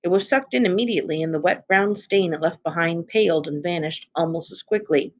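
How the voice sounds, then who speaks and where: A woman reading a children's novel aloud in a steady, expressive narration. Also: on the low side, a little fast. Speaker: reader.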